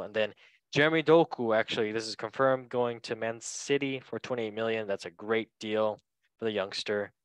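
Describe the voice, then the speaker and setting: A man's voice: lowish voice, fairly bright tone, clear, resonant tone, no room sound, poor audio. A man hosting a casual football podcast, chatty and joking, correcting himself as he reads through transfer news. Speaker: podcast host.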